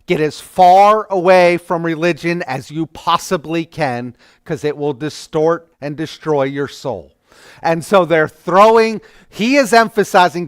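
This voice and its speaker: A man's voice: fairly high pitch, a little slow, clean tone, no echo, clean studio sound. A man teaching an adult church class in a conversational lecture, often restarting his sentences.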